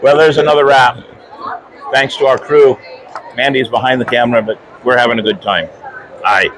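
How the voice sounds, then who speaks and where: A man's voice: mid-range voice, fairly even intonation, fairly quick. A man hosting a podcast, chatting in a folksy, joking way with a guest outdoors at a fan convention. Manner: folksy, chatty, tells corny pirate jokes. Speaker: podcast host. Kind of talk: casual interview chat. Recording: loud crowd noise at a convention.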